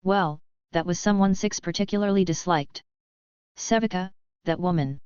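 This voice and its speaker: Female narrator, low smooth voice, even storybook reading, dry muffled recording. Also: moderate pace, dry recording. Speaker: audiobook narrator. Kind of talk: scripted narration.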